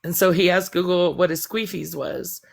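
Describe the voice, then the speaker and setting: A woman's voice: lowish voice, steady tone, normal speed, vocal fry. A woman chatting bluntly and profanely on a live stream, rambling as she vents. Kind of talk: casual venting chat.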